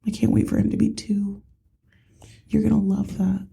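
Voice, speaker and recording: A woman's voice: medium pitch, little pitch movement, normal speed, vocal fry, warm tone, slightly rough. A woman in her thirties, a podcast co-host telling family stories in casual chat and swearing freely. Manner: chatty storyteller, swears casually.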